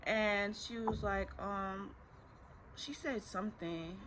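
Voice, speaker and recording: Teen vlogger, bright voice, chatty story, faint room hum behind. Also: female voice, medium pitch, slow. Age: teens. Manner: chatty, animated retelling with acted quotes. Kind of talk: casual storytelling.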